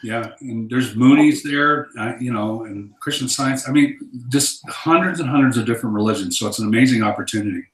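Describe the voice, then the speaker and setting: A man's voice: mid-range voice, brisk, few pauses. Earnest man telling a story in a roomy room. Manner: earnest storyteller who acts out quotes. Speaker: ministry guest. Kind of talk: casual chat.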